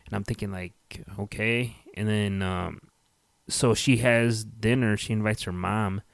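Man, podcast host, low-ish voice, rambling profane storyteller, dry sound. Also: fairly even intonation, a little slow, vocal fry, dry recording. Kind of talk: casual podcast chat.

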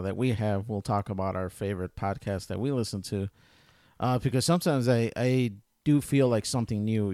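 A man's voice: on the low side, darkish tone, clear, resonant tone, no echo, clean studio sound. A man co-hosting a podcast in casual, rambling chat, full of restarts and fillers. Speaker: podcast co-host. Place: Chicago.

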